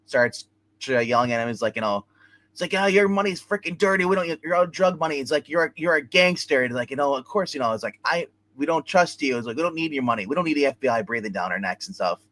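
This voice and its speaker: A man co-hosting a casual TV review chat, excitedly retelling scenes with lots of fillers. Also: medium pitch, dry recording. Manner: animated retelling, acting out scenes, many fillers. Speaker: co-host reviewing a TV episode.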